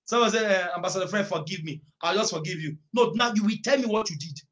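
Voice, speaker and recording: A man preaching at an online prayer meeting, reading scripture emphatically, repeating phrases and bursting into drawn-out shouts. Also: high-pitched, highs cut off.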